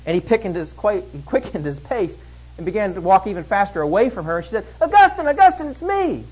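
A man preaching an expository sermon, emphatic, swinging between loud stresses and hushed lines. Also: high-pitched, fast, husky, rough recording.

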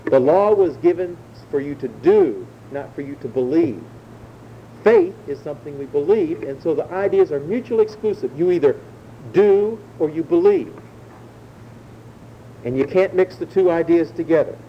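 A man preaching a Bible sermon, explaining verses in a measured teaching way and slowing down to stress key words. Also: fairly high pitch, expressive, warm tone, a little hiss or hum, rough recording. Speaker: pastor.

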